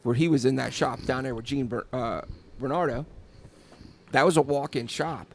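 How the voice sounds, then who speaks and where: Gravelly dude rambling on a tattoo podcast, lots of "um" and "man". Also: mid-range voice, moderate pace, a little hiss or hum. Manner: rambling, repeats words, many fillers. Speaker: podcast co-host, tattoo artist. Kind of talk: casual chat.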